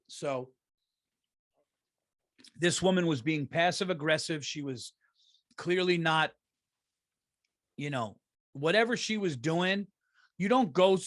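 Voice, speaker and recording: A man hosting a comedy podcast, telling a story in an exasperated, profane and animated way and acting out what people said. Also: a little high, no room sound, clean studio sound. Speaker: podcast host.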